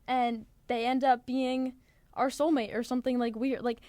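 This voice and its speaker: A woman's voice: high-pitched, flat delivery, normal speed, mellow, dry recording, clean studio sound. A teenage girl from New Jersey co-hosting a podcast, chatting earnestly with lots of "like" fillers. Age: teens. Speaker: podcast co-host. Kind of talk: casual chat.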